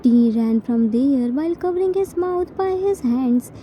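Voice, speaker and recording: A woman reads a fan fiction story aloud in unhurried, dramatic narration. Her voice is very high yet dark and mellow in tone. A faint hiss of noise runs underneath. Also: lively intonation, poor audio.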